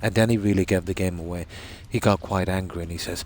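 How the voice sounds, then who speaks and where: A man's voice: deep voice, steady tone, fast, a little mellow. A man streaming a game, chatting casually and telling long rambling stories. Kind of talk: casual chat while gaming.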